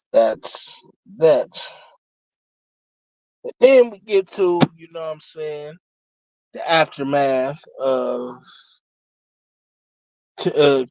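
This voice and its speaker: A man reviewing a TV episode in a casual, heated rant, swearing constantly, sometimes shouting, and often saying "you know what I'm saying.". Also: medium pitch, no echo, rough recording. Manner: profane, heated, shouts in bursts.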